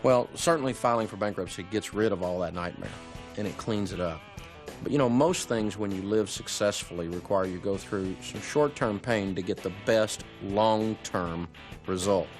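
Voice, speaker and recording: Calm middle-aged man, faint guitar behind. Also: lowish voice, moderate pace. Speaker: financial advisor. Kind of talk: explaining an answer.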